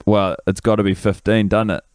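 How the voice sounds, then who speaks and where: A man co-hosting a podcast, telling stories with dry, deadpan humor. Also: fairly low pitch, a little fast, clear, resonant tone, no room sound. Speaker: podcast co-host. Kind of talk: casual chat.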